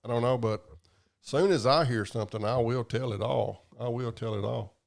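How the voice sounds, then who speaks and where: Hosting a live stream, a man drawls and rambles, swearing as he reads viewer comments. His voice is mid-range and gravelly, at normal speed.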